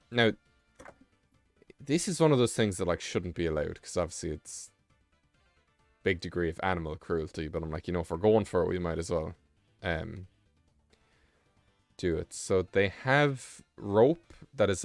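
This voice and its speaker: Low-voiced man rambling on a live stream. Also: a little slow, creaky, pauses often, no room sound, soft background music. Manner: rambling, reads text aloud with offhand asides. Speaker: livestream host. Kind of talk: casual live-stream chat and reading aloud.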